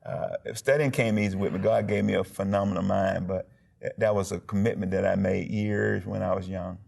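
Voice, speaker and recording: A man, a pastor telling his life story in an emphatic, animated way during a TV interview. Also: low voice, brisk, creaky. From Alabama, USA. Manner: emphatic, animated storyteller who acts out quotes and sound effects. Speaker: pastor and former football player.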